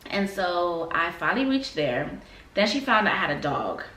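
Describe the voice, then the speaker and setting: A woman from Florida telling a story in a casual sit-down vlog, animated, emphatic and slangy. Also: fairly low pitch, normal speed. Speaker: vlogger. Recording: roomy, mic a bit far.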